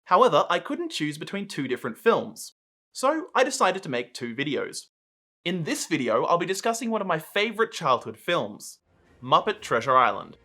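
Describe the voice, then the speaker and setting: A man hosting a video, reading a scripted film essay in a clear, measured way. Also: on the high side, big pitch swings, pushed and bright. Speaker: video host.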